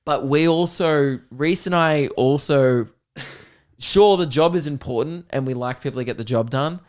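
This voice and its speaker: A man's voice: a little high, a little slow. Young Australian man, podcast host, casual storytelling, frequent laughs. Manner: rambling, laughs often, quotes people in put-on voices. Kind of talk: casual chat.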